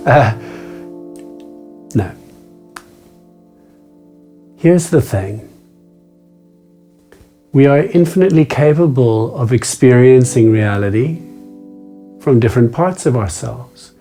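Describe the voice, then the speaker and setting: Mellow-voiced man hosting a meditation vlog. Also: mid-range voice, faint music behind. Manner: playful, self-mocking, shifts between quick chatter and slow deliberate speech. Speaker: meditation video host. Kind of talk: casual talk to camera.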